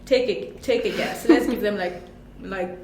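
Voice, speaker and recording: A woman's voice: mid-range voice, normal speed, dark tone, echoey room, a little hiss or hum. A woman co-hosting a casual French lesson, chatty and playful, laughing as she explains. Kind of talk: casual bilingual lesson chat.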